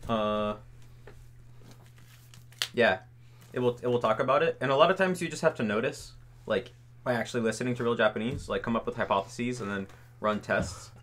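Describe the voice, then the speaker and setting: A man's voice: mid-range voice, normal speed, long pauses, a bit bright, a little hiss or hum. Young man, casual livestream chat, loose rambling delivery, filler-heavy. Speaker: streamer answering chat questions.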